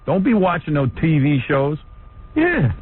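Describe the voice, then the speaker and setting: A man's voice: on the high side, sing-song, measured pace. A man hosting a talk radio show, blunt and ranting, laughing often. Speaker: radio host. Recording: phone-like old radio broadcast.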